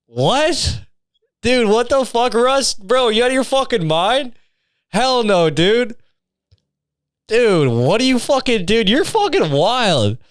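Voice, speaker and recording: A man's voice: very high-pitched, big pitch swings, takes it slowly, smooth, no room sound, clean studio sound, pitched above the performer's own voice, exaggerated voice. Man putting on a brash, bigoted coworker. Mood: incredulous.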